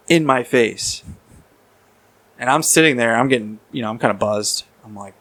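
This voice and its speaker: Casting: rambling male podcast guest, casual storyteller, mid-pitched. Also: unhurried, a bit bright. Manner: rambling, repeats words, swears casually.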